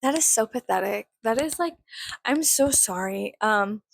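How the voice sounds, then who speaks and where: A woman in her thirties venting in a casual vlog, blunt, profane and sarcastic, swinging into sudden high laughs. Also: expressive, a little slow, creaky, a little hiss or hum. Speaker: vlogger.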